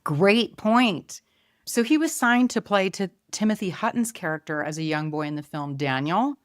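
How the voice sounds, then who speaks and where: A woman's voice: medium pitch, animated, normal speed, no echo, studio quality. A woman hosting a casual film review chat, musing aloud, trailing off and restarting her thoughts. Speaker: podcast host.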